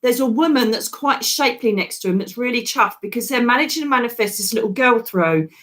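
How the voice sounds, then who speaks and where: A woman with a slightly high voice talks through psychic readings on a livestream. She is chatty and affectionate and keeps calling viewers darling. It sounds like a casual home broadcast. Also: animated, fairly quick, a bit bright. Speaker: psychic medium host. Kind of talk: live psychic reading chat.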